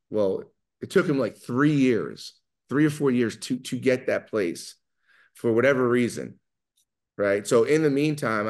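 A middle-aged man with a New York accent, talking fast and loud as he tells animated stories in an interview. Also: lowish voice. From New York area. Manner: fast, loud, animated storyteller who acts out quotes. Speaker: guest, pizza maker. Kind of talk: storytelling in an interview.

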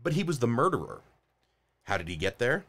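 A man co-hosting a podcast, casually introducing and reading from an online list, enthusiastic and quick to laugh. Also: medium pitch, big pitch swings, fairly bright tone. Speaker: podcast co-host.

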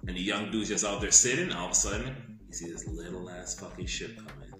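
A man's voice: low voice, a little fast, music in the background. A man on a podcast casually retelling a film plot, swearing freely and acting out sound effects. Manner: animated, profane movie retelling with sound effects. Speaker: podcast co-host. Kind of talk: casual storytelling chat. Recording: echoey room.

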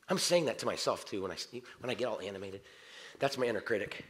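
A middle-aged man preaching a sermon in a church. His talk is conversational, and he swings between quiet prayer and animated outbursts. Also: medium pitch, quick pace. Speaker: pastor. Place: church sanctuary.

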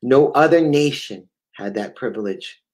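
A man's voice: medium pitch, expressive, measured pace, a little mellow, low-quality recording. A man with a New England accent preaching a fervent sermon, often stammering and repeating words.

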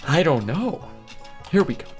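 A man's voice: fairly high pitch, big pitch swings, unhurried, soft background music. A young man hosting a casual game commentary, playful and chatty, laughing often. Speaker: gaming video host.

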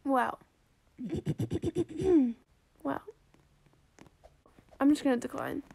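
A woman's voice: sits high, extremely slow, creaky, pauses often, dark tone. A young woman chatting casually as she commentates her own gameplay, bubbly and pleading by turns, joking at herself. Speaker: gaming vlogger.

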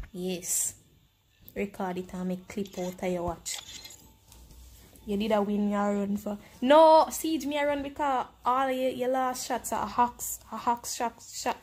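A woman with a Jamaican accent commenting live on her game, excitable and teasing her opponent. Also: mid-range voice, measured pace. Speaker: game streamer.

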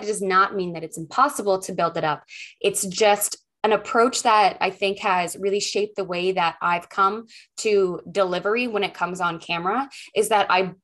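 A woman hosting her own podcast from home, talking alone to listeners in an upbeat, expressive way. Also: medium pitch. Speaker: podcast host. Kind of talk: solo podcast talk.

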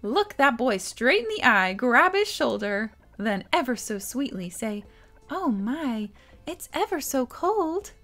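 Lady doing sweet meddling older ladies in a game, high-ish voice, slow, soft music behind. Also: sing-song, exaggerated voice. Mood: teasing. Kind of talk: reading game dialogue aloud.

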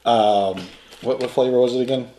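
A man hosting a casual snack taste test, chatty and relaxed, often laughing between bites. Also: medium pitch. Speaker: snack reviewer host. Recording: echoey room.

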